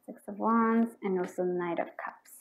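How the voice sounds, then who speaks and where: With vocal fry, a mid-range voice and a normal pace, a woman gives a pick-a-card tarot reading against background noise. She rambles, uses lots of fillers, restarts her sentences, and quietly repeats questions as she draws cards. When a card confirms her read, she gets excited and bursts out.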